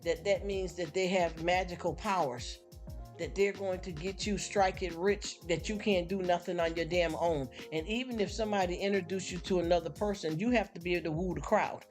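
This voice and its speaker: A woman's voice: fairly low pitch, fairly even intonation, fairly quick, darkish tone, soft background music. A woman hosting a live stream, venting bluntly to her chat and mocking people with put-on voices. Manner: blunt, fired-up, mocking impressions.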